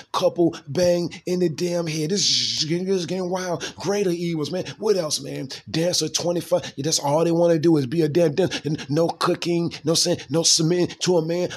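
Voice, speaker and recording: A man's voice: fairly high pitch, husky. A man reading news headlines and adding blunt, cursing, exasperated commentary in a casual style.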